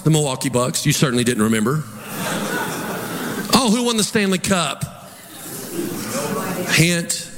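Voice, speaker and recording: Male pastor, lively swooping delivery, fairly high voice, reverberant hall, congregation audible. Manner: storytelling preacher, animated, rhetorical questions to congregation. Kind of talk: sermon. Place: church sanctuary. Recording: long hall reverb, audience.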